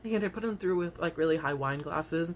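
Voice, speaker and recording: A woman's voice: lowish voice, fairly quick, a little hiss or hum. A young woman telling rambling, giggly stories straight to her camera in a casual vlog, with many "like"s. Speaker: vlogger. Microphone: camera facing her, seen on video.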